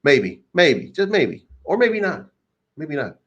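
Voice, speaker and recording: A man's voice: a little high, sing-song, takes it slowly, fairly bright tone, slightly rough. A man hosting a crypto channel, ranting casually in a rambling, crude, mocking way. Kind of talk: casual unscripted rant. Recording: dull lo-fi recording.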